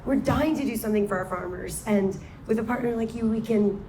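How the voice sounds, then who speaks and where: A woman's voice: on the high side, a little fast, background noise. A woman hosting and moderating a live panel, cheering her guests on and introducing them with enthusiasm. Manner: enthusiastic, lots of affirmations. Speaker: podcast host and panel moderator. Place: event stage before a live audience.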